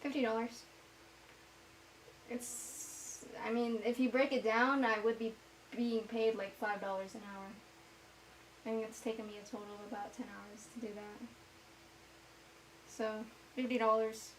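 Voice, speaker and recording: A woman vlogger chatting casually to herself as she paints, rambling and self-mocking as she thinks out loud. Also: a little high, flat delivery, a little slow, pauses often, a little hiss or hum, poor audio.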